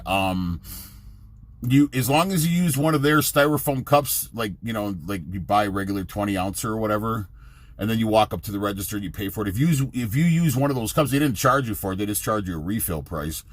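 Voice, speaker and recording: A man's voice: on the low side, fairly quick, no room sound. A middle-aged man, a truck driver, rambling casually and profanely in his own vlog, jumping from topic to topic.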